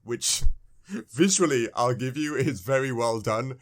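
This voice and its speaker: A man co-hosting a podcast, talking about a game in a rambling, animated way, searching for words and chuckling often. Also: medium pitch, measured pace. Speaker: podcast co-host. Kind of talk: casual game discussion.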